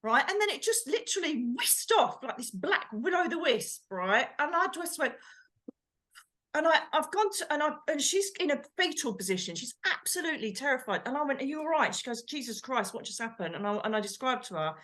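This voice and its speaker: A woman co-hosting a chat show, telling a story in an animated way and acting out the quotes. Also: high voice, fairly quick. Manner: animated, acts out quotes, exclaims. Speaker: co-host, medium.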